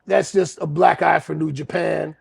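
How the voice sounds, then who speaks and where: A man co-hosting a podcast, telling an animated, profane story and acting out every scene. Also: a little high, moderate pace, creaky, husky. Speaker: podcast co-host. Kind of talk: casual storytelling.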